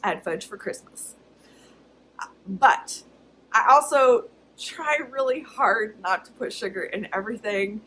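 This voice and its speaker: A woman's voice: mid-range voice, a little slow, fairly bright tone, slight background noise, low-quality recording. A woman talking casually to her camera in a personal vlog, chatty and candid, often laughing. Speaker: vlogger.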